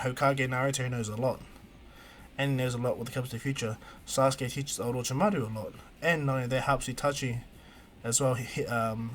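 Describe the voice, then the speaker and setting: A male streamer narrates a fan fiction story in a rambling, animated way, restarting sentences as he goes. His voice sits in an ordinary mid pitch for a man.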